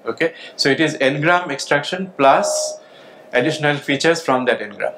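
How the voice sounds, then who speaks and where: A man giving a conference lecture, speaking in a measured way with frequent "okay" and "uh" fillers. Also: on the high side, noisy background. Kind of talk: conference talk.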